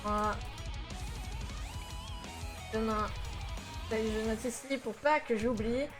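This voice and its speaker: Bubbly high-voiced woman streamer. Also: slow pace, music in the background. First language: French. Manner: bubbly, excitable, squeals greetings to viewers. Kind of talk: casual live-stream chat, reading chat aloud.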